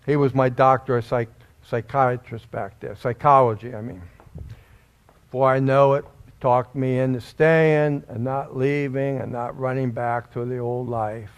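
A man preaching a sermon in a church, giving an emotional testimony that rises suddenly into loud, high bursts. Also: clean tone. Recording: dull lo-fi recording.

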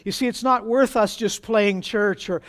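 A pastor preaching a sermon to his congregation, with dramatic pauses and acted-out quotes. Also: sits high, fairly bright tone.

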